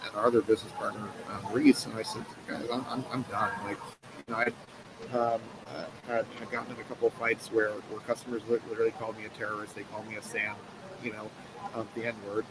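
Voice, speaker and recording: A man telling a personal story as an interview guest in an earnest, halting way, full of fillers and restarts. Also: lowish voice, level tone, very noisy. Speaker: guest, company co-founder and president. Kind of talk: conversational storytelling interview answer. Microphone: live stream mic.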